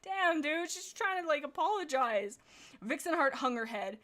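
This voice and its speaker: A woman streamer reading fan fiction aloud and breaking off for excited, laughing commentary. Her voice sits a little high. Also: moderate pace.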